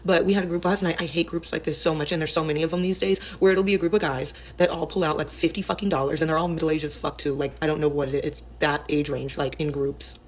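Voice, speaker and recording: Woman, quick blunt vlog rant, profanity everywhere, fast delivery. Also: deep voice, steady tone, a little hiss or hum. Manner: blunt, heavy swearing. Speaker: exotic dancer.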